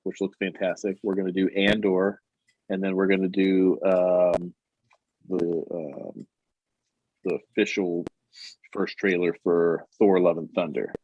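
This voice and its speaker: Low-voiced man retelling a comic story. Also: unhurried, no echo. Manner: animated retelling, acting out characters' lines. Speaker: podcast co-host. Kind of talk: casual chat recapping a comic. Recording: dull, muffled audio.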